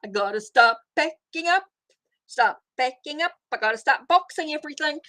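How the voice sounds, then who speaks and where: A woman's voice: sits high, expressive, moderate pace, sharp tone. A middle-aged woman hosting a casual live tarot stream, rambling as she greets viewers and answers their comments. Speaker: tarot reader hosting a livestream.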